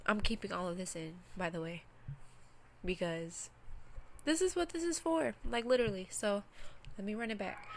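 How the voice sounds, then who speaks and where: At a moderate pace and medium pitch, this self-reflection vlogger talks frankly on camera about a personal loss, on the verge of tears while working through what she feels. Her unscripted reflection is emotional and open, directed at herself as much as at her audience.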